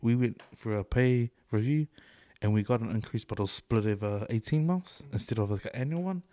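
A man's voice: medium pitch, brisk, dark tone, no echo. A middle-aged man with a New Zealand accent co-hosting a podcast, talking loosely with lots of swearing, laughs and "eh". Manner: loose, swears a lot, laughs often, fillers like "eh" and "bro". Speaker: podcast co-host. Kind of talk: casual chat.

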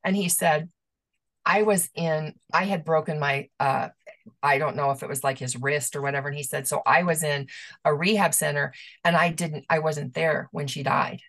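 A woman's voice: deep voice, steady tone, normal speed, a bit bright. A middle-aged woman, a medium as guest, telling personal stories in a rambling, emotional way with many restarts. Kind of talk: conversational storytelling.

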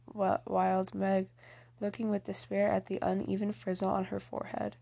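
A woman's voice: mid-range voice, little pitch movement, moderate pace, vocal fry, mellow. A woman reading a novel aloud as an audiobook, plainly, with small slips and restarts. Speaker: audiobook reader. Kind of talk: audiobook narration.

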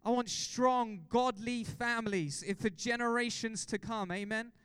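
A man preaching a sermon as pastor, excitable and exhorting the congregation with repeated questions. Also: very high-pitched, a little slow, clear, resonant tone, no room sound.

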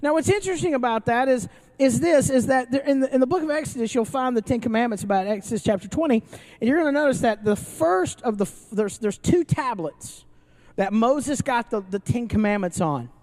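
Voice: mid-range voice, expressive, fairly quick, darkish tone. Joking, conversational pastor preaching live. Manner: conversational and joking, with frequent restarts; asks the audience questions. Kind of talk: sermon to a live congregation. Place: church service before an audience, also streamed online.

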